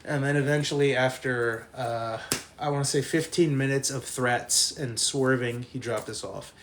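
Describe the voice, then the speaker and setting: A young man's mid-range voice, at a moderate pace with a faint hiss or hum in the audio, carries a long college anecdote for a live stream chat. He laughs as he goes, animated and swearing freely.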